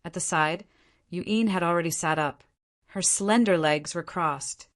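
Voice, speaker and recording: A woman narrating a translated fantasy novel as an audiobook, reading in a steady storytelling manner. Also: fairly low pitch, a little slow. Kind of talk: scripted narration.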